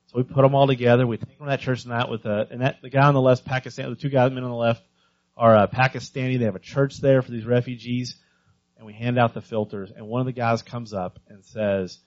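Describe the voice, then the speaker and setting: A man speaking to a church congregation about missions work, in a voice of ordinary pitch. He tells stories with eager energy and often trips over repeated words. The recording sounds dull and lo-fi. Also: quick pace. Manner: lively storyteller, stumbles over repeated words.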